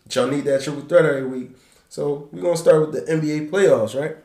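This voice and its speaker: A man from Philadelphia hosting a podcast, talking sports in casual, profane, animated banter. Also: fairly high pitch, fast talker, reverberant. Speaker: podcast host.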